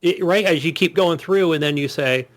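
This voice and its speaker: A man's voice: on the high side, moderate pace. A man co-hosting a gaming podcast, chatting casually in a rambling, profane way. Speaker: podcast co-host.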